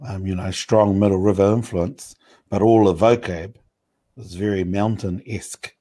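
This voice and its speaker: A man talking in a relaxed, thoughtful way during a casual discussion, pausing often with fillers. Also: low-pitched. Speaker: panel speaker.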